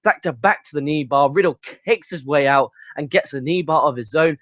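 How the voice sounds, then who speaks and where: A man's voice: a little high, a little fast, fairly bright tone, no room sound. A young man reviewing a wrestling show, recapping matches play by play and ranting with heavy swearing. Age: young adult. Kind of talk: casual review monologue. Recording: dull lo-fi sound.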